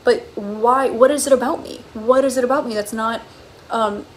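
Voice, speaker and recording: A woman putting on an excited, then baffled Buddha in a playful aside during a card reading. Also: fairly high pitch, normal speed, slight background noise, close to an everyday voice. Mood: puzzled. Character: excited, self-doubting Buddha, male teacher.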